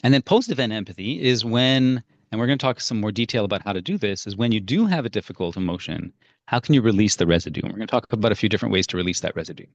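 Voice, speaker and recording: A man's voice: lowish voice, animated, very fast, dry recording. Man teaching in a dry, dull recording. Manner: conversational, storytelling, frequent fillers and restarts. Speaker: parenting workshop leader. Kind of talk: casual workshop teaching.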